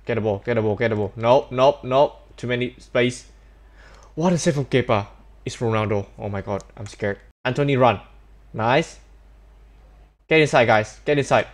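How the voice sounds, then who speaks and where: Excitable young man commentating his game. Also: mid-range voice, moderate pace. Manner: excitable, yells at goals and saves; non-native English grammar. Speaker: gaming YouTuber.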